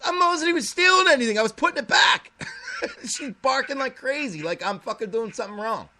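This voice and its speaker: A man's voice: very high voice, expressive, brisk, sharp tone, a little hiss or hum. A man hosting a casual internet radio show, rambling and profane, laughing often.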